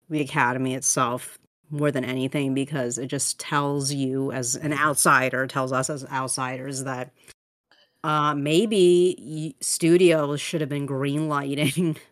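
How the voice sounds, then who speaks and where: A woman's voice: a bass voice, a bit bright, no room sound, clean studio sound. A woman co-hosting a podcast in casual chat, thinking aloud hesitantly with many fillers. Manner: hesitant, full of fillers, reflective. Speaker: podcast co-host.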